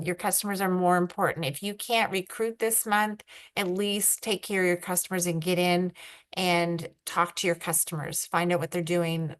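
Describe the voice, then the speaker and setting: A woman's voice: on the low side, a bit bright. Canadian woman rambling on a call. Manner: rambling, filler-heavy, self-described introverted. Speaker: guest brand ambassador. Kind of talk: casual team call chat.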